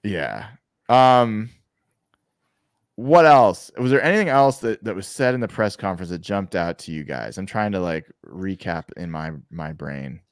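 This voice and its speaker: A man with a lowish voice chats on a sports podcast, animated and quick to restart his sentences. The sound is close and dry, with little room around it. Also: clean tone, dry recording. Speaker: podcast co-host. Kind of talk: casual sports podcast chat.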